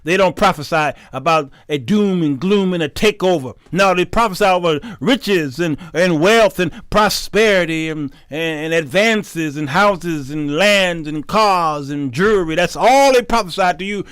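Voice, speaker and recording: High-voiced colloquial preaching man. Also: a little slow, hardly any pauses, a bit bright, smooth, no echo. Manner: emphatic, colloquial, repeats words. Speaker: talk show host teaching the Bible. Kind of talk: Bible teaching sermon.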